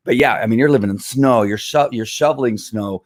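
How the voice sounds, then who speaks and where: A man streaming live from home, talking casually to viewers with a hoarse, tired voice, rambling with many fillers and throat clearing. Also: medium pitch, fairly quick, dry recording, clean studio sound. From Southern California. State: hoarse, losing his voice. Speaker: live stream host selling wellness products. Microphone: computer or phone camera.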